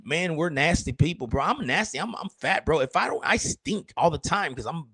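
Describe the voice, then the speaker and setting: A man's voice: fairly high pitch, lively intonation, normal speed, fairly bright tone, husky, dry recording. A man, a streamer and rapper, chatting casually in a rambling, crude, joking way. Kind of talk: casual livestream chat.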